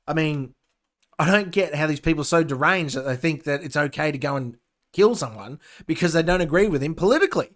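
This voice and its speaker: A man's voice: on the high side, fairly bright tone. A young Australian man hosting a casual opinion podcast, ranting and sarcastic as he reads the news and cuts in with his own comments. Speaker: podcast host.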